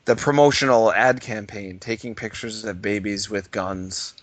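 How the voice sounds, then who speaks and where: A man co-hosting a podcast, reacting with incredulous, drawn-out remarks in casual banter. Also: lowish voice, no room sound. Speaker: podcast co-host.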